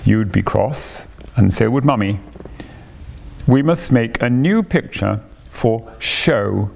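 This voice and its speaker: A man's voice: medium pitch, lively intonation, takes it slowly, gravelly, darkish tone, slight background noise. A man voicing a cheerful, playful cave-dwelling father in a storybook reading, teasing and patient.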